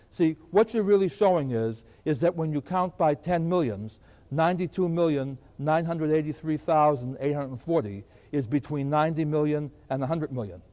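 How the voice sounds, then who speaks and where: An older man teaches arithmetic at a board in a recorded classroom lecture, asking questions and answering them himself. His voice is a little high with a warm tone, and the lecture room has long hall reverb.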